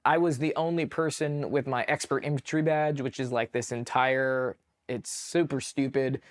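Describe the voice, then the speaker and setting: A man from California, an army veteran guest telling a story casually, animated, with many fillers and swearing. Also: mid-range voice, normal speed. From California, USA. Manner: animated, filler-heavy, profane.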